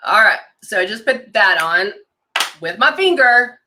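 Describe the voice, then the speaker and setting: Bright-voiced woman demoing makeup live. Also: mid-range voice, expressive, fairly quick, slight background noise. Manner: chatty and enthusiastic, reads out viewer comments. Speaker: makeup consultant hosting a live demo. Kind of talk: casual live-stream product demo.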